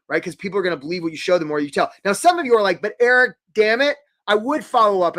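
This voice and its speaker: Animated high-voiced man coaching a webinar. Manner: animated, acts out little quoted voices, jokey. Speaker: career coach hosting a live webinar. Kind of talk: energetic live webinar talk.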